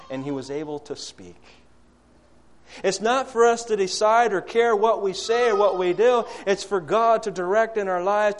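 A man preaching a sermon, rising to loud, high-pitched calls and dropping to soft, low appeals, acting out quoted prayers and questions.

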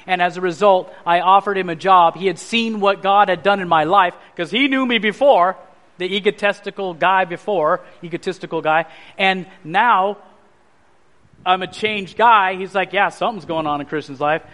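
A man preaching a sermon, telling his personal testimony as an animated story and acting out the voices of others. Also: high voice, normal speed.

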